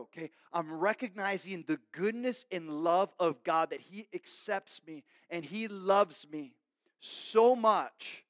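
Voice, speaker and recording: A man preaching a sermon in an earnest, conversational way, checking in with the audience and swinging between emphatic raised lines and soft, quiet asides. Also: sits high, no echo, studio quality. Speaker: pastor.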